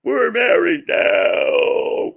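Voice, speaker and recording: A man voicing a young woman reeling from a sister's betrayal, in a comic podcast reenactment, with shrill outraged disbelief. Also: wildly swooping pitch, very slow, vocal fry, fairly bright tone, husky, full character voice. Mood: sickened.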